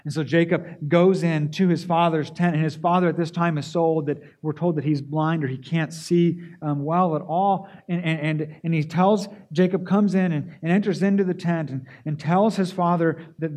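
A man with a high-pitched voice delivers a sermon, putting rhetorical questions to his listeners. He often doubles words as he restarts his phrases. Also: fairly even intonation, normal speed, few pauses. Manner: poses rhetorical questions to the congregation. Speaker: preacher.

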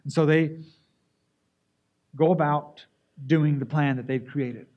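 A man's voice: a little high, fairly even intonation, slow pace, muffled recording. A man preaching a sermon, asking rhetorical questions and often repeating words as he restarts phrases. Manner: poses rhetorical questions to the congregation.

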